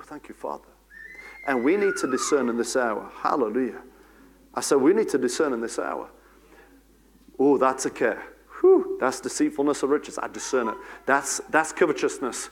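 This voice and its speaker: A man's voice: mid-range voice, animated, normal speed. A man preaching a church sermon as pastor, repeating key phrases and breaking into fervent prayer and declarations. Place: church service.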